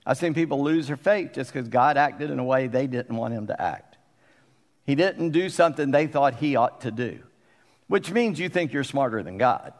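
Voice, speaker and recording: Middle-aged pastor guy preaching, kinda high voice, chatty, long echo off the hall. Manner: conversational, asks the congregation questions. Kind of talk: sermon. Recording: long reverb of a church hall.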